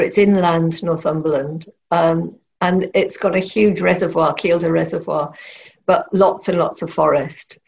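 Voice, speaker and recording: A woman's voice: on the low side, vocal fry, a little mellow, highs cut off. A middle-aged woman, a novelist, answering interview questions thoughtfully with frequent restarts. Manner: thoughtful, halting, many restarts.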